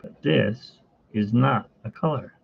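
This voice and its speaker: A man talks slowly and casually while he works on a drawing, rambling from one aside to the next. His voice is gravelly and husky. The sound is tinny and phone-like and dry. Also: medium pitch. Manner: rambling, chatty, with fillers and asides. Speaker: artist hosting a live art stream.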